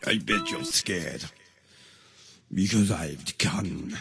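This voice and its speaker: A man puts on a deep, plodding Terminator voice, all mock menace. Each line lands slowly and heavily. Loud music plays underneath. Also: expressive, creaky, heavily acted. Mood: menacing. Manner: slow, heavy, mock-threatening delivery.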